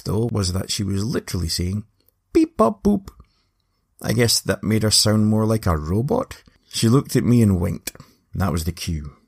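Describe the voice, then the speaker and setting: A man's voice: fairly low pitch, creaky, a little mellow, husky. A Scottish man narrating a story with wry, playful asides.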